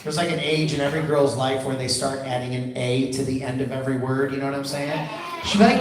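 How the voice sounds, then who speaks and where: A man's voice: mid-range voice, quick pace, background noise. Playful man in an echoey school hall. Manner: animated and playful, addresses kids casually as friends. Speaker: children's musician speaking at a school assembly. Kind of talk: storytelling motivational talk to children. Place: school gym or auditorium with a crowd of kids. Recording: echoey hall from far off with crowd.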